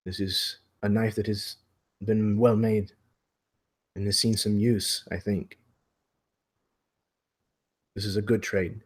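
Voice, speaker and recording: A man's voice: lowish voice, flat delivery, slow, long pauses, breathy edge. A man playing a proud scarred orc warrior. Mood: approving.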